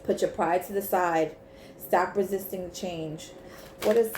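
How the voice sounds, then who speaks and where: A woman's voice: lowish voice, steady tone, unhurried, background noise. A woman giving a casual tarot reading to camera, blunt and emphatic, swearing freely. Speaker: tarot reader. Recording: echoey room with faint ambience.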